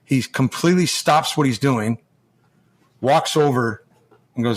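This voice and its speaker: An American man spins long, loose stories in an easy, mid-pitched voice. He keeps stopping, restarting and acting out what other people said. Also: unhurried, pauses often. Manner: rambling, full of restarts and acted-out quotes. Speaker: guest, former hockey player. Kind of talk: casual storytelling.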